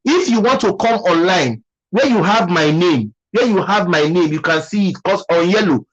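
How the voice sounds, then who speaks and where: A man's voice: high voice, lively intonation, normal speed, lo-fi sound. A man with a Nigerian accent hosting a casual live stream, musing aloud and thanking viewers by name.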